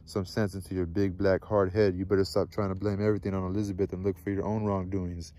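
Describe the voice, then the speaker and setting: Man reading as sarcastic aunt, scolding, sharp, low flat voice. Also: fast, lightly acted. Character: sharp-tongued older aunt, a grown woman.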